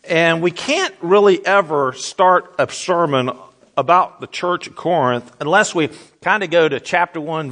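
A man preaching a sermon as a pastor, conversational and folksy, slowing down to stress key words. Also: a little high, fairly bright tone. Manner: conversational, folksy, slows down for emphasis.

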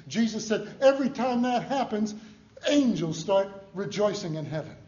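An older man preaching a storytelling sermon in a folksy, humorous, animated way. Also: high voice, moderate pace, roomy sound, dull audio.

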